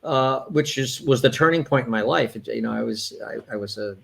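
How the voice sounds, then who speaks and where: Gravelly yoga therapist. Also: male voice, medium pitch, brisk, fairly bright tone. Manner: candid, with frequent restarts. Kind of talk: casual conversational interview.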